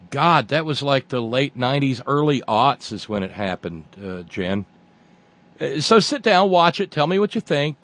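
A man hosts a casual radio talk show in a wry, digressive voice. He rambles through listener emails at an everyday pitch.

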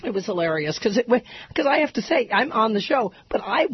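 Hoarse lady radio host joking around, laughs a lot, dull radio sound w faint hiss. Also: on the high side, big pitch swings, fairly quick. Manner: laughs a lot, jokey, chatty. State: hoarse from a cough. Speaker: radio talk show host. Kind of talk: casual comedic talk radio banter. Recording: dull radio broadcast audio.

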